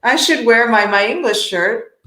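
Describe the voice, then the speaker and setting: A woman's voice: fairly high pitch, animated, normal speed, sharp tone, roomy sound, soft background music. A woman co-hosting an English lesson webinar over a video call, upbeat and encouraging as she explains what words mean. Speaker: webinar co-host, English teacher. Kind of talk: casual online English lesson.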